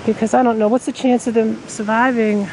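Excitable New woman vlogging outdoors. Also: on the high side, brisk, low-quality recording. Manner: excitable, exclaims often. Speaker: nature vlogger. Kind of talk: casual outdoor vlog narration. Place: outdoors by a river and roadside. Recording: outdoor traffic noise behind.

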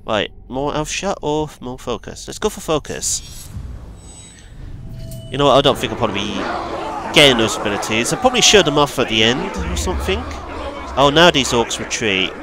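A man giving chatty let's play commentary, excitable, yelping and making asides as he plays. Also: mid-range voice, moderate pace, a crowd in the background, background noise. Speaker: gaming video host.

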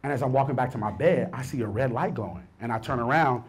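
A man in his thirties performing a stand-up comedy set, swinging between low mumbled asides and loud outbursts. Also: fast, a little hiss or hum. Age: 30s.

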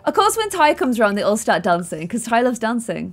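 A woman's voice: medium pitch, sing-song, quick pace, few pauses. A young woman commenting on her Sims game in a bubbly way, gasping and exclaiming often. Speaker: gaming YouTuber.

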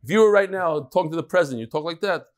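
A man hosting a daily Talmud class, animated, thinking aloud and putting questions to the room. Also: a little high, racing. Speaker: Talmud teacher and host. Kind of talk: daily Talmud class before a live audience.

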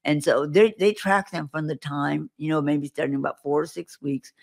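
Woman, interview guest, earnest storyteller, gravelly tone. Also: low-pitched, steady tone, normal speed, darkish tone. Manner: earnest, vivid storytelling with acted quotes. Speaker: guest prophetic minister. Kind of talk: interview, recounting visions and stories.

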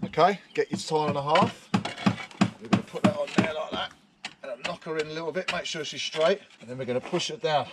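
A man's voice: a little high, fast, heavy background noise. Chatty roofer explaining his work. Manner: chatty, explains while working. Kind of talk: casual work vlog. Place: outdoors on a roof. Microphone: action camera.

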